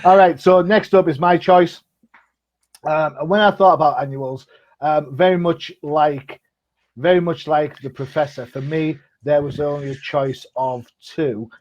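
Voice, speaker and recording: A man's voice: a little high, fairly even intonation, measured pace, a little mellow, dull audio. A man, co-hosting a casual comic book chat show, talkative and jokey with frequent ums. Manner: chatty, jokey, lots of ums. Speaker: comic podcast co-host.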